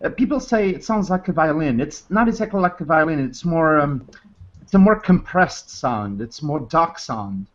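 A man's voice: a little high, expressive, moderate pace, dull audio. A man chatting on a guitar call, earnest and searching for words as he describes a sound. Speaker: guest guitarist. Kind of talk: casual chat.

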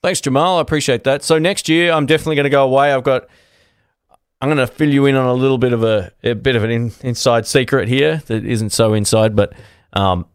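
A man's voice: mid-range voice, fairly even intonation, fairly quick, smooth, no room sound. A man, hosting a live stream from his home studio and chatting through viewer comments in a friendly, rambling way. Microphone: dynamic podcast mic.

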